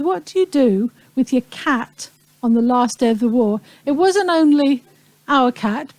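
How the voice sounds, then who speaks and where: Reflective woman with a mellow voice. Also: sits high, no room sound, rough recording. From Falkland Islands. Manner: reflective, pausing often, lightly humorous. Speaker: speaker recounting a wartime childhood. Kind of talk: personal talk to an audience.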